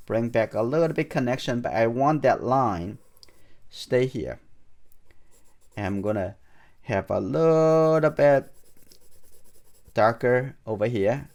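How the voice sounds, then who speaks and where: A man whose first language is Chinese, calmly talking through a charcoal drawing demonstration as an art teacher, thinking aloud as he works. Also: mid-range voice. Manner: calm, thinking aloud while drawing, non-native phrasing.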